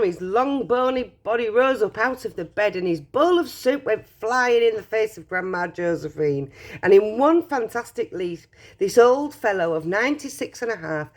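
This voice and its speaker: Lively woman reading a storybook. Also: medium pitch. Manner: expressive, dramatic storytelling. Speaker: reader. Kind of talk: reading a children's book aloud.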